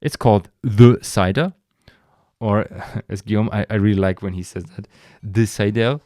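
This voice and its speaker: A man with a fairly low voice talks about what he tastes in an easy, enthusiastic podcast chat. He rambles, restarts his sentences and breaks off with sighs. The sound is dry and close, with no room echo. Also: moderate pace, dark tone. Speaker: podcast host. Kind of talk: casual solo wine podcast.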